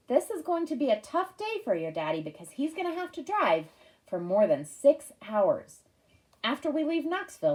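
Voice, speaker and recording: A woman voicing a mother who reads out a trip plan in a brisk, orderly way for an audiobook. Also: medium pitch, darkish tone, close to an everyday voice. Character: organized mother reading out her plans.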